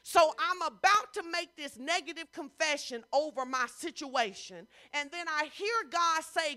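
A woman pastor preaching a sermon in a conversational, informal way, switching between loud emphasis and hushed asides. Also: high voice, expressive, measured pace, hardly any pauses. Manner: informal, talks straight to the congregation.

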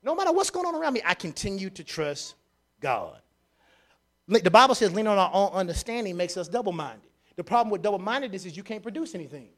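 A pastor with a high voice delivers a sermon, repeating his phrases. He shifts between hushed asides and loud, emphatic declarations.

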